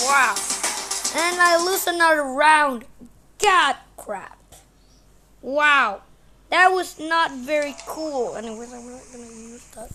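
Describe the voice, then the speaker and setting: A high-pitched woman narrates her game in an unhurried, rambling way, breaking into shrieks when startled. Loud game music plays behind her. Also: expressive. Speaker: gamer. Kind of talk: let's play commentary.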